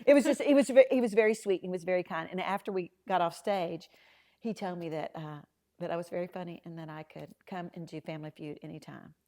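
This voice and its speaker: Animated woman telling stories. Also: fairly low pitch, fast talker. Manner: animated storyteller, acting out quoted dialogue. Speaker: podcast guest. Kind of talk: storytelling in a casual interview.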